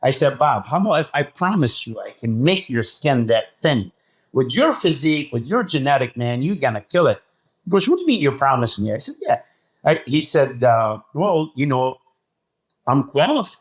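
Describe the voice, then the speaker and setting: A man telling a story as a podcast guest, talking excitedly and acting out what people said. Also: mid-range voice, moderate pace. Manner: acts out quoted dialogue, excitable. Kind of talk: animated storytelling.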